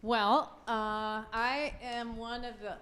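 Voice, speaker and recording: A woman in her fifties, a former goalkeeper, telling a lively story on a live panel, laughing often and acting out quotes. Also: on the high side, slow pace. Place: event venue.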